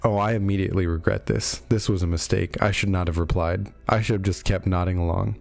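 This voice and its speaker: A man voicing a bored, aloof immortal female spring spirit, with a flat, dismissive manner. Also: low-pitched, brisk, gravelly, faint music behind. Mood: regretful, dismissive.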